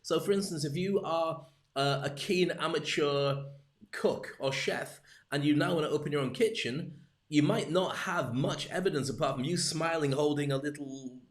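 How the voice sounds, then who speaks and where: Brief: male business coach, live-stream talk, slightly high voice, lively and jokey. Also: normal speed. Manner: lively, jokey, talks straight to camera.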